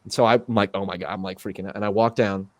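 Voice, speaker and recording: Fast-talking young man telling a story. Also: lowish voice, fairly even intonation, no room sound. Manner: rambling storyteller with many fillers and restarts. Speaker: podcast host. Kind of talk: casual podcast chat.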